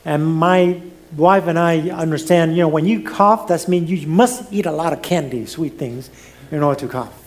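A man's voice: on the high side, moderate pace. A middle-aged man preaching a sermon as pastor, swinging his voice up and down, with some non-native grammar.

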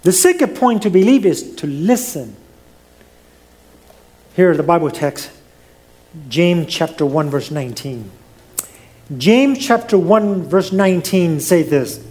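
A man in middle age delivers a sermon from the pulpit. His voice sits high and swings widely, climbing for emphasis and dropping low at the ends of phrases. His phrasing carries non-native grammar. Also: slow pace, long pauses. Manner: preaching with lively rises and drops, non-native grammar. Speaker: pastor.

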